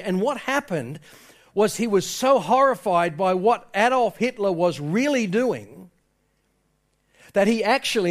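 Pastor, male, high voice; impassioned sermon delivery, storytelling between exhortations. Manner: impassioned storytelling, quoting people in his tale.

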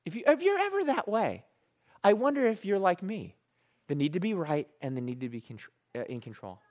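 Man, pastor, sermon, animated storytelling, self-mocking, very lively pitch. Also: a little fast.

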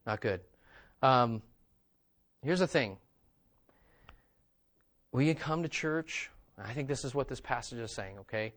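A man delivers a sermon in a relaxed, conversational way, circling back to the same phrases for emphasis. His voice sits fairly high for a man. He keeps checking in with his listeners through quick asides. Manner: conversational preaching, repeats phrases for emphasis, asks "okay?" and "right?". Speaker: pastor.

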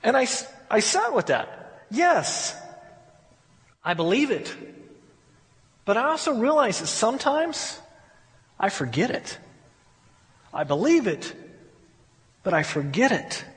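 A man's voice: high voice, very animated, takes it slowly, long pauses. A man preaching a sermon as pastor in a candid, conversational way, often restarting his sentences, recorded in a church sanctuary. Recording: long hall reverb.

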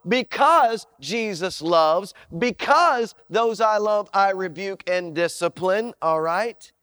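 A man's voice: high voice, dry recording, clean studio sound. A male pastor preaching a sermon in an emphatic, conversational way, repeating phrases for weight.

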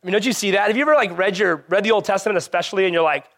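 High-voiced man preaching a sermon. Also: racing. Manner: animated preaching, rising loud on emphasis and dropping to quiet. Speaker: pastor.

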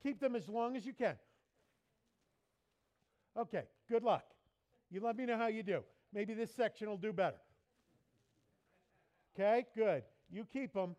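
A man preaching in a church as pastor, lively and playful, mimicking people for laughs. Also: high voice, a little slow, long pauses. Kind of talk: sermon.

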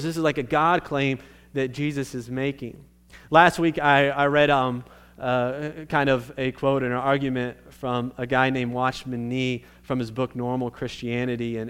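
A man's voice: mid-range voice, smooth. A man preaching a sermon as pastor, earnest and emphatic, often restarting his sentences.

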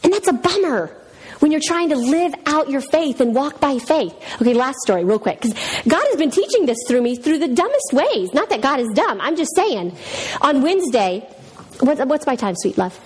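A middle-aged woman giving a humorous church teaching talk with personal stories, animated and acting out the voices of people she quotes. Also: high-pitched, normal speed. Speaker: women's speaker.

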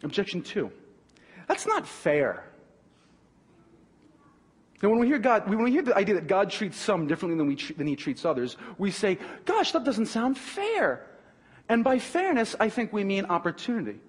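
A man preaching in a high, husky voice that leaps up and down. He drives his points home with emphatic restarts and repetition. The sound rings with the long reverb of a big hall. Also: very animated, normal speed, long pauses. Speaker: pastor. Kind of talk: sermon.

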